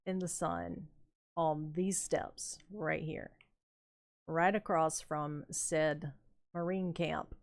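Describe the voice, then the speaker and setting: An older woman streaming a building game, telling rambling, unhurried stories about her youth with plenty of fillers and chuckles. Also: deep voice, fairly even intonation. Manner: rambling, unhurried anecdotes with frequent fillers and laughs. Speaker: gaming streamer. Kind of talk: casual storytelling while building in a game.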